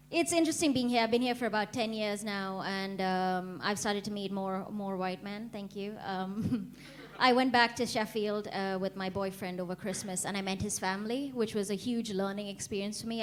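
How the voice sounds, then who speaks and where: A young woman from India performing a stand-up comedy set, deadpan and laughing at her own jokes. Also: medium pitch. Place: comedy club stage.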